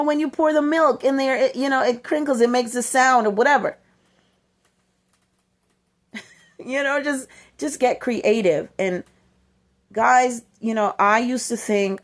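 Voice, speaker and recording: Woman, motivational channel host and mom, somewhat high voice, emphatic and repetitive, slips into quoted voices. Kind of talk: inspirational talk to parents.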